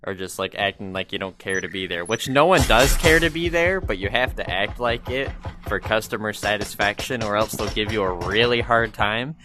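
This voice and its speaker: A man's voice: on the low side, normal speed, music in the background. A young man rambling and complaining about his job in a casual gaming vlog, full of fillers, speaking into a VR headset mic. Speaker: gaming vlogger.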